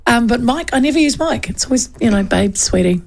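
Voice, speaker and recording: A woman's voice: a little high, animated, brisk, gravelly. A woman hosting a radio talk show, chatting casually and laughing often.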